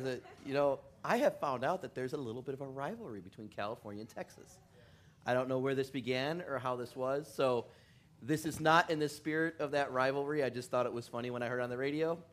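Man, pastor, joking sermon, chuckles, self-deprecating, rambling, middling pitch. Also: a little fast. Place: church in California.

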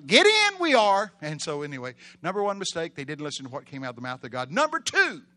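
Male preacher, bright tenor-leaning voice, dramatic sermon delivery with call-and-response. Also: on the high side. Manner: dramatic, shifts between loud exclamations and hushed storytelling.

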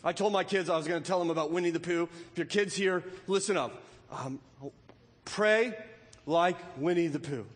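Pastor guy preaching, high voice, emphatic, keeps asking right?, big echoey church. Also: moderate pace. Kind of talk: sermon. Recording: long hall reverb.

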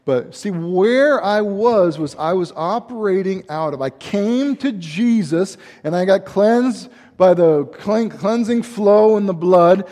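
A man's voice: high voice, animated, slow, hardly any pauses, mellow. A middle-aged man preaching a sermon as pastor, in a loose conversational way with asides and restarts. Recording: long hall reverb.

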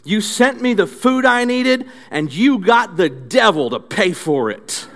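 A man voicing a poor, devout old woman who shouts her praise from her porch. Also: high-pitched, big pitch swings, a little slow, voice pushed up, exaggerated voice. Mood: joyful shouting. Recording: echoey hall reverb.

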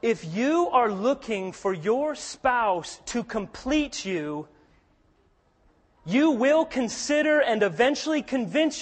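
A man with a high-pitched voice preaches with earnest conviction. He drops to a hush for stories and rises to forceful emphasis on his key points. His voice rings through a hall with a long reverb. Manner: earnest, swings between hushed storytelling and forceful emphasis. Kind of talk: sermon.

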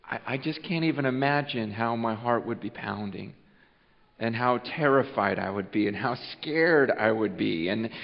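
A man preaching an earnest Christmas Eve sermon. He repeats words as he goes and swings between loud urging and a hushed voice. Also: mid-range voice, normal speed, vocal fry. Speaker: pastor. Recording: muffled sound with long hall reverb.

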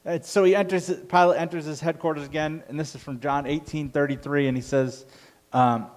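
A man's voice: fairly high pitch, steady tone, a little fast. Man preaching a conversational sermon. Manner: conversational, self-correcting with fillers. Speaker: pastor.

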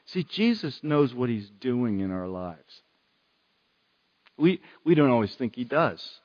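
A man's voice: mid-range voice, very animated, slow, a little mellow, lo-fi sound. A man preaching a sermon in an earnest way, repeating phrases for emphasis.

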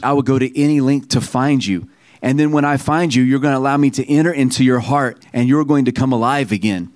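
A man delivers a sermon, urging his congregation to repeat phrases back to him. He reads passages aloud slowly and with weight. His voice sits in a middle pitch and sounds dry and close to the mic. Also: darkish tone, no room sound. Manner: preaching with call-and-response to the congregation. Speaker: pastor.

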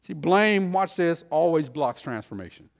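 A male pastor preaching a sermon, emphatic, firing repeated rhetorical questions and swinging between loud and hushed. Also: on the high side, lively intonation, normal speed, creaky.

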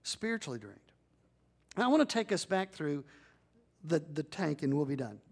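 A man's voice: on the high side, very animated, normal speed, vocal fry, darkish tone, slightly rough. A man preaching a sermon as pastor, building to emphatic peaks and leading the congregation in call-and-response.

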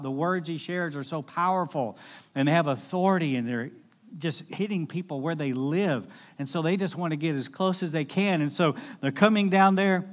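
A male pastor delivering a sermon, retelling a scripture story with energy. He slips into little acted-out voices for the people in the story. His voice sits somewhat high for a man.

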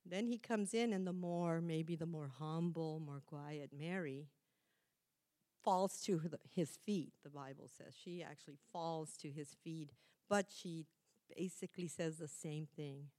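A woman's voice: deep voice, a little slow, warm tone. Chatty middle-aged woman preaching. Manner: chatty, self-correcting, laughs at herself. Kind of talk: conversational sermon.

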